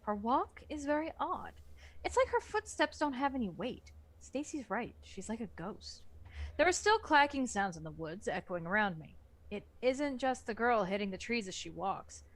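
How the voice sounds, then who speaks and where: Woman reading aloud with lively pitch. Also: moderate pace. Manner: expressive narration with lively swings. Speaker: book club reader.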